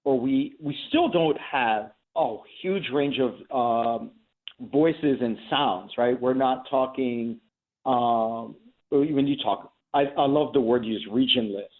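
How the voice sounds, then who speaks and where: A man's voice: mid-range voice, slow pace. A man from the Philadelphia area, a journalism professor appearing as an interview guest, explaining earnestly and asking rhetorical questions. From Philadelphia area, USA. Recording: tinny phone-like line.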